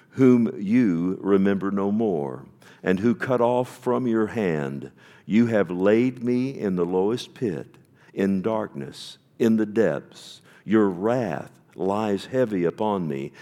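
Preacher guy, kinda low voice, reads a verse then chats about it with the folks. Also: darkish tone. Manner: reads scripture aloud and stops to comment, asks the congregation questions. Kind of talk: sermon.

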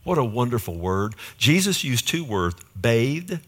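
A man delivering a sermon in a loose, chatty way, checking in with his listeners through frequent rhetorical questions. His voice sits at an ordinary middle pitch. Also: big pitch swings, a little slow. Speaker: pastor.

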